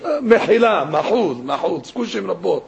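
A man doing a gentle old rabbi, low and soft. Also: big pitch swings, moderate pace, creaky, lo-fi sound, slight background noise, heavily acted. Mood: gently reproachful. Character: gentle elderly rabbi, dignified and forgiving.

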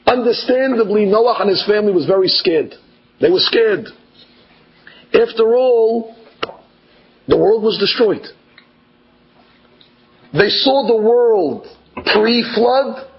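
A man's voice: sits high, highs cut off. A man, a rabbi, giving a Torah class in a conversational way, arguing with imagined listeners.

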